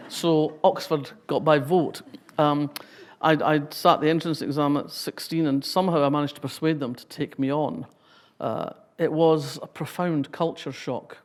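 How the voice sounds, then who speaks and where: A woman's voice: low-pitched, steady tone, moderate pace. A Scottish woman in her sixties giving a public talk, reading a passage and then telling wry, humorous anecdotes.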